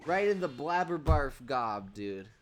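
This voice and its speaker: Streamer, male, mid-pitched, bouncy and animated, gushing over a game to chat. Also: measured pace, a little hiss or hum. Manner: excitable, animated and chatty, often breaking into laughter. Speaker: streamer and host. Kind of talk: live gameplay commentary reading chat.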